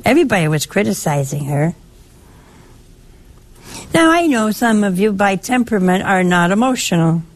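An older woman giving a sermon in a conversational, lively way, teasing and chiding her listeners affectionately. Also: medium pitch, moderate pace, pauses often. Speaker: preacher.

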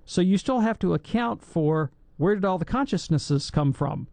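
Man from alabama, gravelly, dry studio sound, chatty, jokey on radio q&a. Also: sits high, lively intonation, moderate pace, warm tone, dry recording. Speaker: guest theologian on call-in radio show. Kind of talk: casual radio Q&A.

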